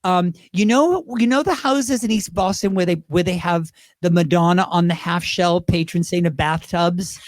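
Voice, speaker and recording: A man's voice: high voice, normal speed, dry recording, clean studio sound. A man in his fifties, a drag performer telling rambling stories as an interview guest. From Great Britain. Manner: chatty, rambling, slips into impressions. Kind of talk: casual interview storytelling.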